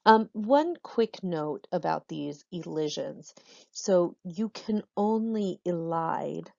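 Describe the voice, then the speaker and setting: A woman's voice: low-pitched, gravelly, darkish tone, no echo, dull audio. A woman teacher explaining a lesson patiently to students in a recorded online class, with frequent ums.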